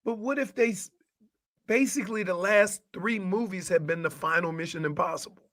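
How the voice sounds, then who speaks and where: High, bright-voiced male radio co-host. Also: moderate pace. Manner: animated, rambling, trails off and restarts. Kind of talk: casual chat. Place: radio studio.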